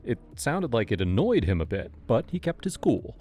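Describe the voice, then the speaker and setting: A man narrating a scripted true-crime story in a measured, explanatory way. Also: mid-range voice, big pitch swings, darkish tone.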